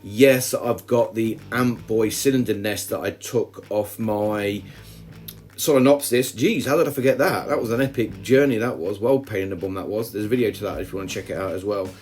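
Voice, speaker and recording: A man's voice: on the low side, moderate pace, a little mellow. A man narrating a casual hobby vlog, chatty and self-deprecating, wandering off into asides as he talks. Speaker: ant-keeping hobby vlogger.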